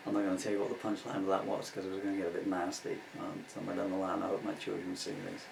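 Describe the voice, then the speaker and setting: A singer-songwriter in his sixties, raised in England to an Irish family, chats casually between songs, rambling and self-mocking with plenty of asides. His voice sits low, monotone and gravelly; he talks fast but pauses often. Recorded with a distant mic in a roomy room, with guitar and a noisy background.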